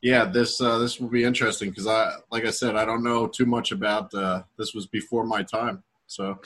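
A man with a bright yet husky voice co-hosts a casual podcast. He answers in short, relaxed replies and reads out the show's plugs. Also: lowish voice, moderate pace. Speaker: podcast co-host. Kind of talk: casual chat.

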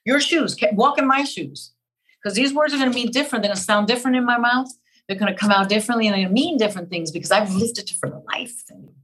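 An older woman from Cuba, an actress guest in an interview, talking in an animated, emphatic way and repeating key phrases. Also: on the high side, fast, rough recording. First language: Spanish. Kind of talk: interview conversation.

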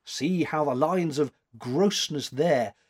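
A man reading aloud and voicing a sharp, commanding elderly woman art critic with a curt manner in a storybook reading. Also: on the high side, takes it slowly, slightly rough. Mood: brisk commanding. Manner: curt, commanding, searching questions.

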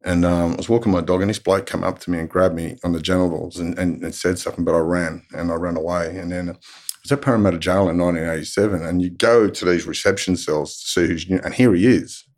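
A man's voice: low-pitched, steady tone, fast talker, darkish tone. A middle-aged Australian man telling stories in a blunt way, swearing freely as he talks. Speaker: guest telling prison stories. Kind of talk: casual storytelling.

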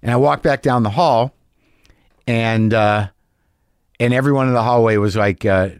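A man's voice: mid-range voice, moderate pace, long pauses, clear, resonant tone, no echo. A middle-aged man hosts his own show and tells a raw story straight into a close mic. He swears freely and voices both sides of a heated argument. The sound is dry, with no room around him. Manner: profane, candid, acts out both sides of an argument. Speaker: podcast host and stand-up comic. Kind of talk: candid storytelling monologue.

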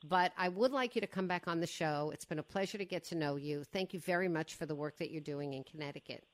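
A woman's voice: sits low, fast. A woman with a Brooklyn accent hosting a talk show, chatting emphatically with her guest. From Brooklyn, New York. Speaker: radio show host. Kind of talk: casual interview chat.

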